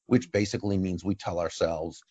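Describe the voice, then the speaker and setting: A man's voice: low voice, fairly even intonation, warm tone, slightly rough, dry recording, muffled recording. A man answering interview questions at length, telling stories in a thoughtful way with frequent restarts. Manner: thoughtful, speaks in long pauses and restarts. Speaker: interview guest, author and speaker. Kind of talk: storytelling conversational answers.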